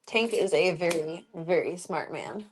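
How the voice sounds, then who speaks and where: A woman's voice: fairly low pitch, measured pace, slight background noise. A woman streamer chatting casually and rambling as she moves around her home, slipping into baby talk with her cats. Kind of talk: casual live-stream chat.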